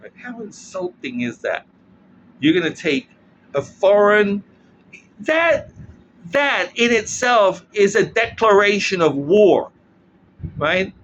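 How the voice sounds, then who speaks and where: A man's voice: high-pitched, sing-song, slow, pauses often, a bit bright. A man giving a rambling opinion monologue as a commentator, tagging "right?" onto most points. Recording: dull lo-fi with faint noise.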